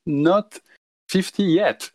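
A man's voice: sits high, extremely slow, crowd noise. A man in his thirties or forties from France, speaking English with a French accent as a podcast guest in casual chat. He talks modestly and chuckles between phrases. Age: 30s to 40s.

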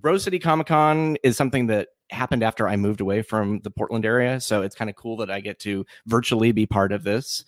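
A male podcast host with a somewhat low voice, chatting casually. He rambles and restarts often, full of fillers. The sound is dry and close, with no room around him. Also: a little fast, few pauses, dry recording. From Washington State. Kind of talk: casual chat.

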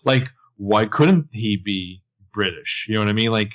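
A man's voice: lowish voice, lively intonation, moderate pace. A man co-hosting a casual TV recap podcast, chatty and analytical with lots of filler words. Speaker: podcast co-host.

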